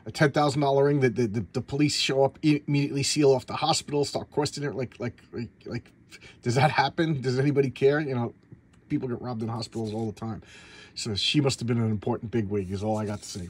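Husky-voiced american guy in his fifties rambling about old comics, repeats himself a lot, does little voices for the characters. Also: mid-range voice, a little fast, darkish tone. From United States. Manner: rambling, repeats words, acts out characters in paraphrase. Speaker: comic book collector reviewing back issues. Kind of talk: casual video review chat.

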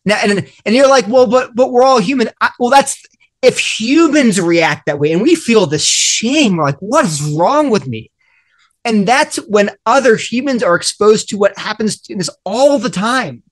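Earnest man with a fairly high voice. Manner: earnest, acts out little dialogues, frequent restarts. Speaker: guest author. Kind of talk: animated discussion.

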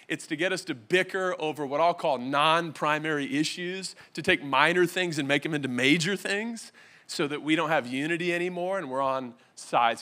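A man's voice: fairly high pitch, bright, forceful tone. A man in his thirties with a Californian American accent, preaching a humorous sermon from a church stage and talking to the crowd in a joking, conversational way. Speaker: pastor.

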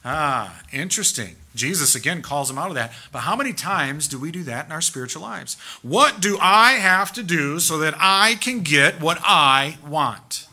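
A man preaching a sermon as pastor in a church, emphatic and animated, firing off rhetorical questions. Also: on the high side, moderate pace, few pauses. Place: church sanctuary.

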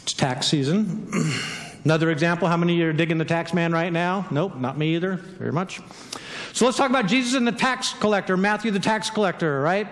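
A male pastor preaching a sermon in a lively, conversational way, acting out the people in his story. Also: a little high, brisk, big-room sound. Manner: animated, conversational preaching with acted-out quotes. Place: church sanctuary.

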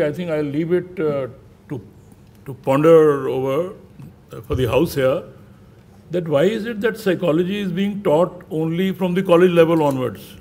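A middle-aged man gives a formal address at an academic convention. He speaks in a discursive way, pausing often on fillers and posing rhetorical questions to the audience. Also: on the high side. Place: conference hall with an audience.

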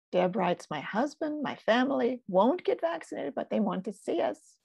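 Older woman, slightly high voice, husky, dry close sound, gentle teaching talk. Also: big pitch swings, no echo. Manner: slow and soothing, with soft whispered asides. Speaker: focusing teacher.

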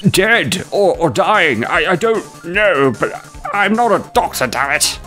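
A man voicing a frantic, gruff, very old male rabbit in a fan-made game, over faint game music. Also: high-pitched, expressive, takes it slowly, sharp tone, pitched above the performer's own voice, heavily acted.

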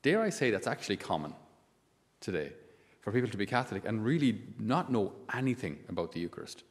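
A man's voice: on the low side, sing-song, a little fast, long reverb tail. A man, a priest giving a conversational sermon full of asides and rhetorical questions.

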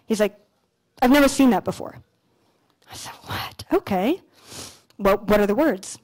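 A young woman from Canada giving a motivational talk on a conference stage, telling stories in a casual, animated way with some swearing. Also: medium pitch, a little slow, poor audio. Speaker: conference speaker. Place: lecture stage at an expo.

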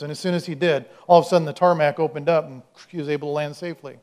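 High-voiced pastor preaching conversationally. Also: male voice, steady tone, very fast, few pauses, darkish tone. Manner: conversational, storytelling, acts out quoted voices. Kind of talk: sermon.

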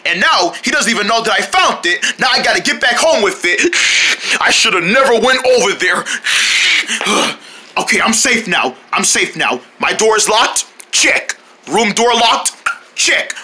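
A voice performer doing a playful comic skit with several characters, excitable and often shouting. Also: mid-range voice, measured pace.

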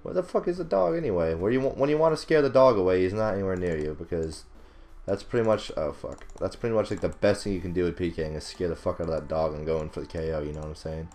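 A young gaming commentator, not British, talks fast in a deep, darkish voice over his own gameplay. His commentary is casual and rambling, with frequent swearing, self-directed laughter, and frustrated outbursts.

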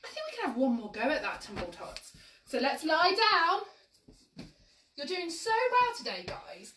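Bright, lively woman leading toddlers. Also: high voice, measured pace, slight background noise. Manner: cheery, encouraging, sing-song instructions to small children. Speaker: children's exercise class leader. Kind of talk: live-streamed toddler movement class. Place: room at home. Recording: echoey room, mic at a distance.

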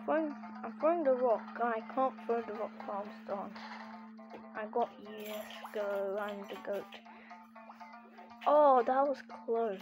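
A woman's voice: a little high, moderate pace, a little mellow, soft background music. A woman giving gameplay commentary, frustrated and complaining, often asking why things go wrong. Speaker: gamer. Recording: muffled lo-fi recording.

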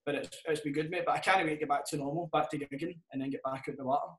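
A man's voice: fairly high pitch, fairly even intonation, racing, a bit bright. A Scottish man and comedian chatting casually on a podcast, swearing a lot and laughing through his stories. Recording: roomy echo.

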